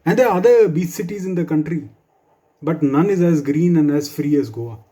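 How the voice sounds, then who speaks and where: Man, stand-up comic, mellow tone, slightly high voice, dry asides. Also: moderate pace. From India. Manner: wry, dry humor with asides. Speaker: stand-up comedian. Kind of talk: stand-up comedy set for office colleagues.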